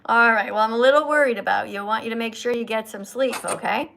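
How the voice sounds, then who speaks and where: A woman hosts a casual livestream and chats straight to her viewers. She talks in an animated, teacherly, playful way, and her voice sits a little high. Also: fast, creaky, a little hiss or hum. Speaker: livestream host. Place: Italy.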